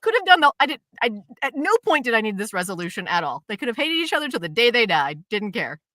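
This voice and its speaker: Animated, ranty woman chatting. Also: on the high side, fast talker, no room sound, studio quality. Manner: animated, ranty, swears, acts out scenes. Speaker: co-host. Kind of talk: casual chat reviewing dramas.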